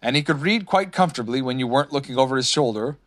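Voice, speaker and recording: A man narrating a children's storybook in a lively, expressive way, voicing many characters. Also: medium pitch, quick pace. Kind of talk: storybook reading.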